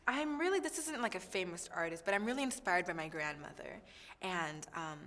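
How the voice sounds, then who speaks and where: Bright-voiced young woman, chatty and excitable. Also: lowish voice, brisk, in a large hall. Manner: chatty and excitable, with many fillers. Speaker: singing contestant. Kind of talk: backstage interview.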